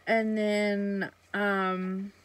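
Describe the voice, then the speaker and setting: A woman's voice: medium pitch, flat delivery, very slow, low-quality recording. Chatty, foul-mouthed young woman vlogger. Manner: chatty and blunt, swears freely, many fillers. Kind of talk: casual storytime.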